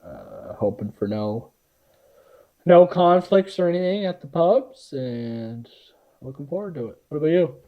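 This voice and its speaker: A man's voice: on the high side, big pitch swings, a little slow. Easygoing young man, dull lo-fi sound. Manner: easygoing, short agreeing replies, laughs easily. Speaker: podcast co-host. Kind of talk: casual chat.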